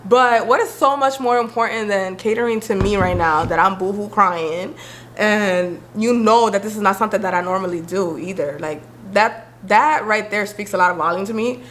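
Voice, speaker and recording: A young woman talks straight to camera, sassy and animated, her pitch in the middle of the range. She slips into quick put-on voices when quoting friends. A faint hum sits under the recording. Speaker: vlogger. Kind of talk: candid talk to camera.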